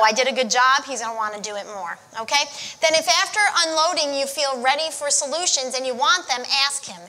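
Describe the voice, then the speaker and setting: A woman with a high, bright, sharp voice leads a church marriage class. She coaches directly and keeps checking in with her listeners. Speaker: marriage counselor.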